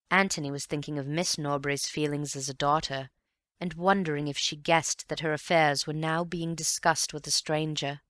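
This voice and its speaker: This is a woman narrating an audiobook, her voice lowish and her storytelling measured and expressive, captured as a dry, studio-quality recording.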